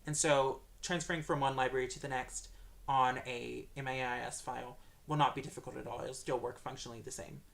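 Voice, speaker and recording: A man's voice: medium pitch, steady tone, a little fast, creaky, fairly bright tone. Hesitant man answering stream questions. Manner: hesitant, many filler sounds. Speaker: developer answering viewer questions. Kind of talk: livestream Q&A.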